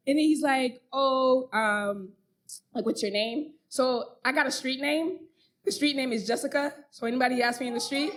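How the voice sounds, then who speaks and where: A woman's voice: high voice, normal speed. A young woman, co-hosting a podcast and telling a story in casual chat, laughing often and acting out what others said. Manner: animated, laughs often, acts out others' lines. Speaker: podcast co-host.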